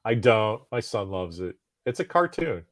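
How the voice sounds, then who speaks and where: A man's voice: fairly low pitch, big pitch swings, moderate pace, no room sound, clean studio sound. A man in his forties co-hosting a podcast, chatting casually in a rambling, self-deprecating way and laughing often. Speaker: podcast co-host. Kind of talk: casual chat.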